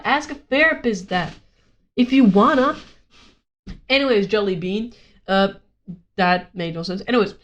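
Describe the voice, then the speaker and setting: A woman's voice: a little high, a bit bright. A woman vlogger ranting casually, rambling and sarcastic, swearing often.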